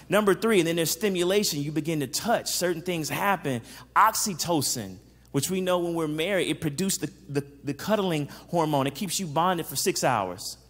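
Male psychologist, high-pitched, lively faith-based teaching talk with audience check-ins, long hall reverb. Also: a little fast. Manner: animated, checks in with the audience, acts out quotes.

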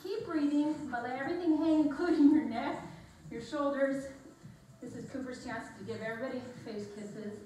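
A woman's voice: high-pitched, normal speed, warm tone, slight background noise. Woman, fitness instructor, encouraging, counting reps, a little breathless, very echoey room, mic far off. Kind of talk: coaching a home workout class.

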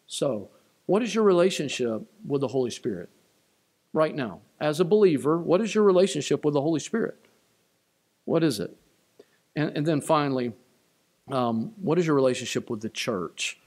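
A man's voice: a little high, expressive, moderate pace, darkish tone. A man preaching a sermon as pastor of his church, emphatic and repeating key lines. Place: church sanctuary.

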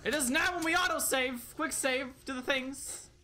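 A streamer giving excitable live commentary while playing a shooter, yelping and talking to chat. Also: high-pitched, normal speed, slight background noise. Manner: excitable, yelps and laughs, talks to chat.

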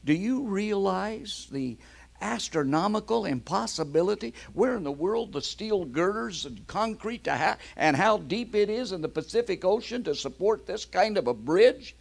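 A man's voice: sits high, lively intonation, normal speed, vocal fry, voice pushed up, full character voice. A man voicing a blunt, exasperated female genie in a joke told from the pulpit. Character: brusque female genie from a lamp.

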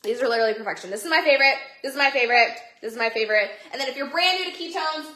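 A woman's voice: sits high, lively intonation, rapid-fire, pushed and bright. A woman hosting a casual livestream from home into a phone, chatty and bubbly as she greets viewers by name. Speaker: livestream seller. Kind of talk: casual livestream sales chat. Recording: echoey room.

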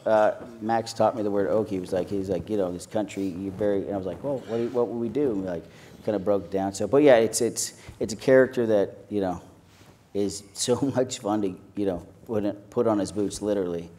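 Lively Irish man telling stories. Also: fairly low pitch, brisk. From Ireland. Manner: lively storyteller, jokey and animated. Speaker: actor on a panel. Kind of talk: casual panel chat. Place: panel stage at a screening venue.

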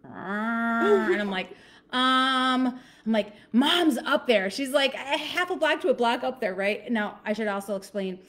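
A woman casually telling a family story, animated and laughing, acting out the voices of the people in it. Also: on the high side, a little slow. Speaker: storyteller on a live stream.

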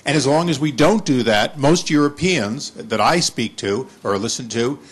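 A man's voice: mid-range voice, expressive, normal speed, slightly rough. A man in the audience making an earnest comment from the floor, with a few restarts. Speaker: audience member. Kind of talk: question from the floor.

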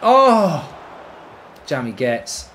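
A man streaming a football video game, reacting loudly, swearing and cheering at the play. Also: fairly high pitch, very slow, slight background noise. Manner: excitable, swears, shouts at the game. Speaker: gaming streamer. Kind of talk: live football game commentary.

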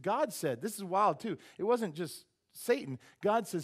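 Animated man preaching a sermon. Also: high-pitched, fairly quick, hardly any pauses. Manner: animated, swings from loud exclamations to hushed asides; acts out quoted voices and jokes with the congregation. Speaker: pastor. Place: church sanctuary.

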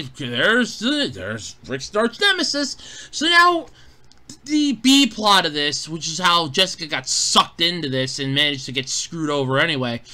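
A man's voice: fairly high pitch, pushed and bright. A man ranting in an exasperated, sarcastic review, swearing freely as he talks. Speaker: show reviewer.

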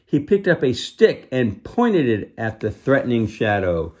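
Brief: an unhurried man reading a children's book, pausing for gentle asides. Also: mid-range voice, very animated, dull audio. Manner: gentle asides explaining the lesson. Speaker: reader.

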